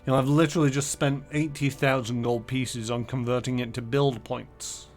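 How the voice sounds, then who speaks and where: A man's voice: medium pitch, little pitch movement, moderate pace, faint music behind. A man streaming a game, muttering casually through menus and numbers. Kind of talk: casual gameplay commentary.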